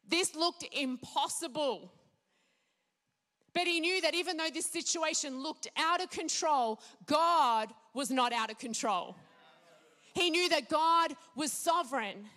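A woman preaching a sermon, declaring scripture with emphatic, measured pauses. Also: high voice, bright, forceful tone.

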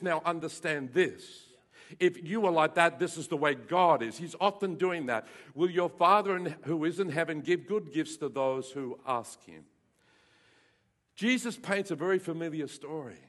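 High-voiced lively preaching man. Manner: lively preaching, rising to near-shouts, playful asides to the congregation. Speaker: pastor. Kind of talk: sermon. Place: church hall with congregation.

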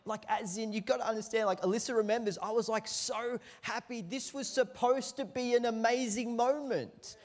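A man, preaching a sermon as a lively storyteller who acts out the quotes in his anecdotes. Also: extremely high pitch, normal speed, few pauses. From Australia. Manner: animated storyteller acting out quotes, lively swings in loudness. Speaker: pastor.

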